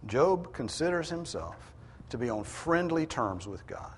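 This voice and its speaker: A man preaching a sermon, emphatic, rising in pitch and force to drive his points home. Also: big pitch swings, unhurried, big-room sound, a little hiss or hum.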